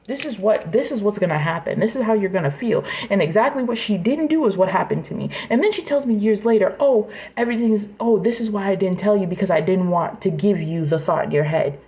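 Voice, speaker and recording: A woman's voice: mid-range voice, animated, fairly quick, hardly any pauses, mellow, highs cut off. A woman in her twenties venting in an emotional personal rant, angry, raw and profane, sometimes dropping to a whisper. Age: 20s. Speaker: vlogger.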